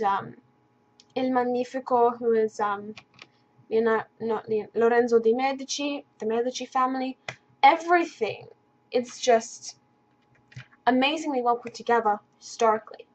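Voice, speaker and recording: A woman's voice: a little high, muffled recording. Rambling enthusiastic woman gaming vlogger. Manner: rambling, enthusiastic, with many fillers. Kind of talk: casual commentary.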